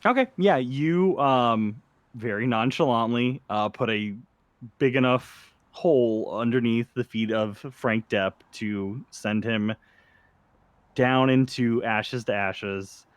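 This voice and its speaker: A man running a tabletop game at a middle pitch, talking in a loose, meandering way with plenty of fillers. The recording is dry and close, with no room sound around him. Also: slow, dry recording. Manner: casual, filler-heavy narration. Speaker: game master.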